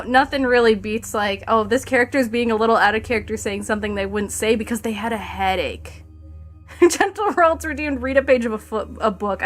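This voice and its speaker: On a live stream, a woman with a fairly high voice reads a fan story aloud into a desk mic, tossing out sarcastic, foul-mouthed asides between passages. Soft music plays faintly underneath.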